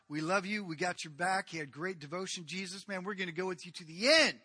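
A man preaching a sermon in a lively, storytelling way, acting out the people in the story. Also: sits high, dry recording, studio quality. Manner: animated, acts out the people in the story. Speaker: pastor.

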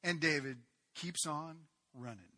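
A man preaching a sermon, retelling a Bible story in a lively way with casual asides. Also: a little high, unhurried.

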